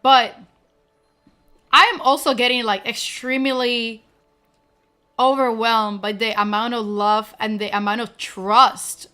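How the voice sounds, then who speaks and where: A young adult woman streamer chats casually with her viewers, emotional and gushing, teary and near crying, with lots of fillers. Her fairly high voice is clear and resonant with a sharp tone and little pitch movement, and she goes slowly with long pauses. Faint music plays behind her.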